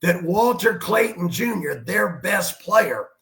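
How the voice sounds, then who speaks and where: A basketball coach with a high voice takes his time on a talk show, telling animated stories and delivering emphatic sports analysis in a reverberant space.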